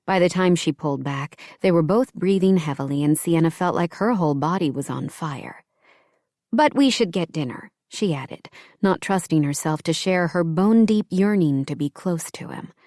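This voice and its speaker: A woman reading an audiobook romance in calm, even scripted narration. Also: low-pitched, moderate pace, few pauses, no echo, clean studio sound.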